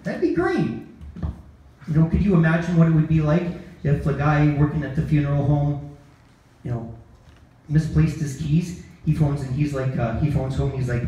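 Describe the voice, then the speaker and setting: At a bar comedy night, a man with a warm, somewhat high voice does an open mic set at normal speed, poking fun at himself and quizzing the audience before talking over how it went. The room is echoey, with faint ambient noise.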